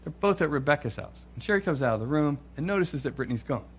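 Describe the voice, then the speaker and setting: A middle-aged man telling a funny family story in an animated, chuckling way. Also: fairly high pitch, fast, slight background noise. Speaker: speaker. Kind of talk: humorous storytelling talk.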